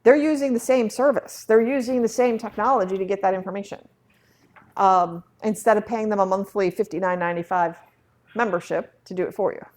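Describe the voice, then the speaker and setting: A woman running a real estate training session in a relaxed, chatty way. She livens up her explanations by acting out short dialogues from stories. Her voice sits at a middle pitch. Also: fairly quick. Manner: chatty, acts out dialogue in anecdotes.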